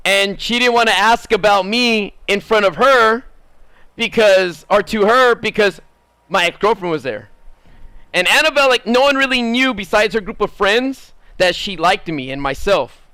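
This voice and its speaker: A man with a fairly high voice tells a long personal story in a casual streaming chat. His voice jumps up into excited, animated bursts whenever he quotes himself. The sound is close and dry, with no room around it. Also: normal speed, clean tone, no room sound. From Southern California. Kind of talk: casual storytelling while gaming.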